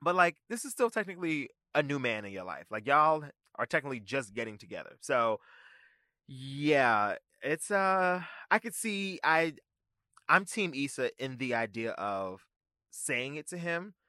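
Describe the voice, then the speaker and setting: A man hosts his podcast in an animated, sassy chat, full of slang and quick asides. His voice leaps up and down in pitch and has a bright, forward edge. It is recorded close and dry, with no room sound. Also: no room sound. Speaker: podcast host. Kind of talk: casual recap commentary.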